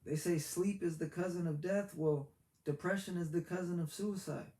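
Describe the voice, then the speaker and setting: A man giving a heartfelt, preachy motivational talk, halting and repeating himself as he goes. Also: high voice, steady tone, warm tone. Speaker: motivational vlogger. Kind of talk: earnest motivational monologue. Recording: echoey room with faint background hiss.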